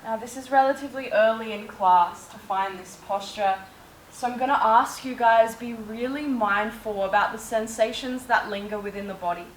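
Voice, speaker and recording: Calm woman guiding a yoga class. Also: fairly high pitch, normal speed, recorded from a distance, slight background noise. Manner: calm, cueing breath and movement step by step. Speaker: yoga instructor. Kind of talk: guided yoga class instruction. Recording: echoey room, faint ambience.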